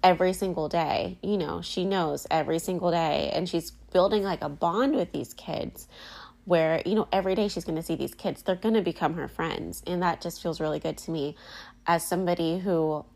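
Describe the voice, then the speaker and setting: A woman's voice: on the low side, moderate pace, vocal fry, a little mellow. A woman in her thirties hosting a casual personal podcast, talking candidly and emotionally with lots of "like" and "um" fillers. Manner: chatty, many "like" and "um" fillers. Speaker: podcast host.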